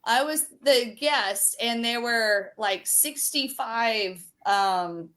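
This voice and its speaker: A woman in casual chat, telling an animated story full of fillers. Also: fairly high pitch, very slow. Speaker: show regular and storyteller.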